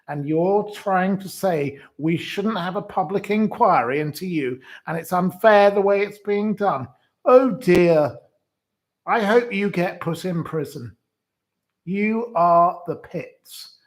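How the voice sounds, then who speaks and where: Scornful, slow-talking man ranting. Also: sits high. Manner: indignant, scornful ranting with insults; reads out quotes and then rebuts them. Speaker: host. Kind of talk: solo commentary on news stories.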